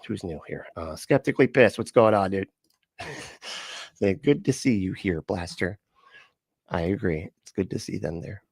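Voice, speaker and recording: Here a low, somewhat mellow male voice carries a casual livestream where he reacts to videos. He rambles and cracks jokes, with plenty of swearing and laughter. The sound is studio quality, free of echo.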